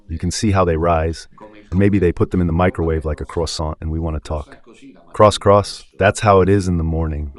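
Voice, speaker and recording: A man giving a rambling spoken commentary on Catholic radio, full of rhetorical questions. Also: deep voice.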